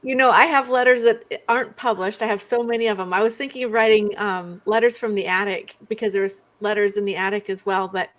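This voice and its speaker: Easygoing woman guest, mid pitch. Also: fairly even intonation, fairly quick, few pauses. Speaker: author and medium guest. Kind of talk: casual interview chat.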